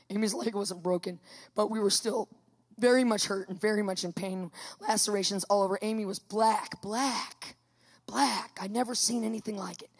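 A woman tells her personal testimony in an animated way. She laughs often and acts out other people's voices as she goes. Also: medium pitch, husky, dry recording, studio quality. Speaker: guest giving a testimony.

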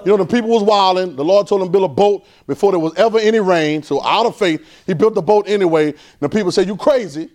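Male preacher, high voice, chatty sermon delivery that teases and questions the crowd. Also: fast talker, few pauses. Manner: conversational preaching, quizzing the congregation, rising to a high excited pitch.

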